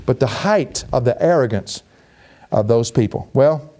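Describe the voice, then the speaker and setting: A man preaching a sermon in a folksy, animated way, laughing often and jumping into high, excited bursts. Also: unhurried. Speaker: pastor. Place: church.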